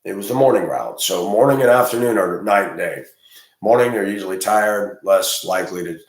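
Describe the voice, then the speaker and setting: A school bus driver with a low, brisk voice launches into a blunt, opinionated monologue that rambles and gets heated and loud. The recording sounds like it was made in an echoey room.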